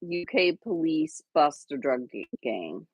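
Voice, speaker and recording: A woman's voice: deep voice, sing-song, takes it slowly, breathy edge, no room sound. A woman hosting a livestream, chatting casually with viewers and a co-host, rambling with fillers and restarts.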